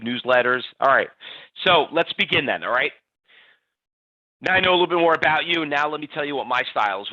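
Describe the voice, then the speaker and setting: A man hosting a live trading webinar, talking in an energetic, chatty way and reading out audience answers by name. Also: mid-range voice, no echo. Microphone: computer mic on a webinar stream. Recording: dull, slightly lo-fi webinar audio, dry.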